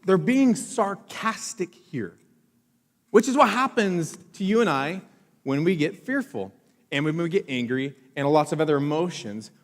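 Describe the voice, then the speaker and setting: A male pastor preaching a sermon, telling jokey self-mocking stories to the congregation. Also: on the high side. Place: church auditorium. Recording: church hall with long reverb.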